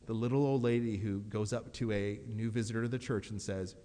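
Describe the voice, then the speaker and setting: A man's voice: on the low side, fairly even intonation, brisk, mellow, big-room sound, slight background noise. A man preaching a sermon in a conversational way, often laughing and acting out quotes. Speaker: pastor.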